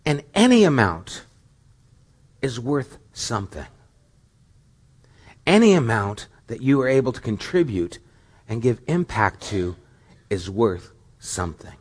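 A man's voice: mid-range voice, sing-song, a little slow, pauses often, breathy edge. A middle-aged male pastor delivering a sermon in a mid-range voice. He speaks earnestly and keeps posing questions, building to rising, emphatic stretches.

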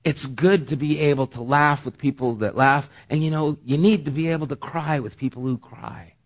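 A middle-aged man preaching a sermon, earnest, rising to loud emphasis and dropping to hushed near-whispers. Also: fairly high pitch, steady tone, moderate pace. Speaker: pastor.

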